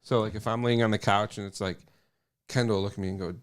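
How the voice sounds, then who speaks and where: Joking, foul-mouthed dad on a podcast. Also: male voice, lowish voice, steady tone, fast. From Ohio. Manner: crude, joking storyteller who swears freely. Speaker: podcast guest, father of three. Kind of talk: casual chat.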